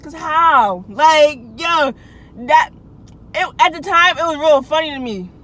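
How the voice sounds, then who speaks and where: A young woman with a high voice tells a casual storytime for her channel. She talks in a loose, slangy way, restarting lines and turning to her viewers with asides. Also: lively intonation, unhurried, a bit bright, rough recording. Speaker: vlogger.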